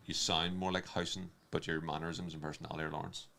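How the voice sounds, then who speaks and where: A man co-hosting a casual football watchalong, teasing his friend and joining the banter with excitable energy. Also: extremely low pitch, fast talker, gravelly. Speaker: watchalong co-host.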